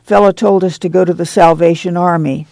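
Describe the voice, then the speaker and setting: A reader doing a fierce, hoarse proud woman. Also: on the low side, fairly even intonation, brisk, warm tone, no echo, lightly acted. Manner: fierce, folksy rural dialect.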